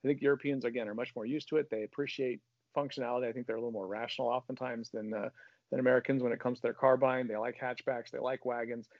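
A man's voice: medium pitch, level tone, fast, dry recording, highs cut off. A man on a car panel, explaining with enthusiasm and in full, articulate sentences. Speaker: automotive panelist. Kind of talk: casual panel chat.

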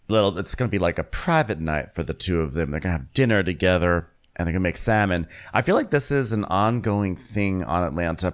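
A man co-hosting a casual podcast, recapping a reality show and acting out quotes with exaggerated voices. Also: sits low. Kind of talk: casual chat.

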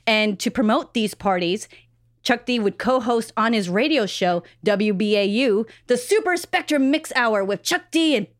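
A woman's voice: fairly high pitch, animated, moderate pace, no room sound, studio quality. A woman co-hosting a casual podcast, telling a music history story and laughing often as she talks. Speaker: podcast co-host.

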